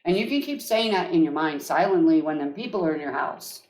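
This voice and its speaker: A woman's voice: fairly low pitch, animated, fairly quick, darkish tone, roomy sound. Emphatic woman chanting affirmations. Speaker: energy healer hosting a live call. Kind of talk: live coaching call.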